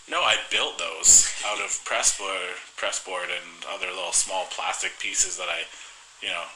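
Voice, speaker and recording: A man's voice: sits low, steady tone, unhurried, pushed and bright, poor audio. A young man co-hosting a podcast, telling a rambling, self-mocking story in casual chat. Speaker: podcast co-host.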